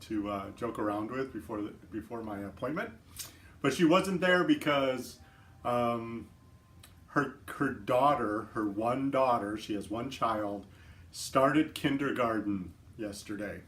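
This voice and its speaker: A man's voice: mid-range voice, a little slow, a bit bright. A man hosting a casual live stream, chatting easily, laughing often and greeting viewers by name. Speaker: livestream host. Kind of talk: casual chat.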